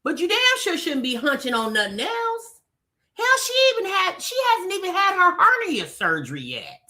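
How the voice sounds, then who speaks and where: A woman hosting a gossip commentary show, sassy and animated, talking straight to her chat. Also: very high voice, moderate pace.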